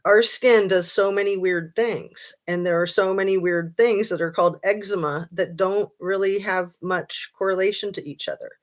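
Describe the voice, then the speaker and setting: A woman's voice: mid-range voice, fairly even intonation, normal speed, hardly any pauses. A woman hosting a casual true-crime livestream, chatting and reading viewer comments with lots of ums and a sarcastic streak.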